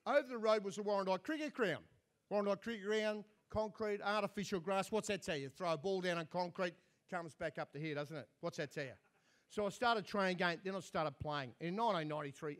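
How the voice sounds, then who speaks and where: A man's voice: sits high, fast talker. An Australian man telling comic stories as an after-dinner speaker, dry and self-mocking.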